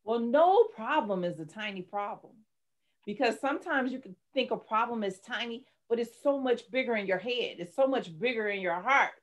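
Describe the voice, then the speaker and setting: In an interview, a middle-aged woman who is a life coach and author tells her personal story candidly and with strong emotion, retelling it dramatically. Her voice is a little high and expressive, at a moderate pace.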